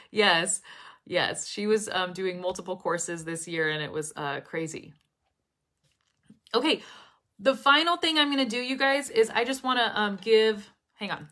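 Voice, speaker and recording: A young woman teaching English pronunciation, talking to her students in a live stream. She speaks very clearly and expressively and laughs often. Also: medium pitch, a little slow, a bit bright.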